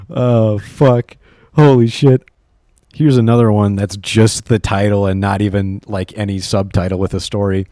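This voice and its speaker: A man's voice: fairly low pitch, normal speed, warm tone, no room sound, clean studio sound. A young man reading online stories aloud while driving, rambling, swearing and laughing often.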